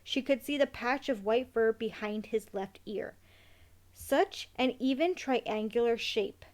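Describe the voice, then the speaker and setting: A woman reads a children's novel aloud in a measured, expressive way. Her voice sits a little higher than most women's, and the telling stays calm and even. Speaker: narrator. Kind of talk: scripted narration of a children's novel.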